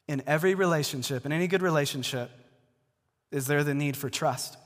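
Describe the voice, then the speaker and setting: A male pastor with a slightly high, slightly quick voice delivers a relaxed, conversational sermon in church before a live congregation. He speaks to them directly, often restarting and repeating words, and a long hall reverb trails his speech.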